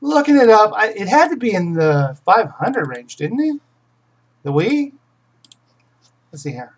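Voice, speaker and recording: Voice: medium pitch, sing-song, measured pace, pauses often, very noisy. A game reviewer hosting a casual live question session who rambles, restarts sentences and gives opinions on games. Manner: rambling, self-correcting, many restarts.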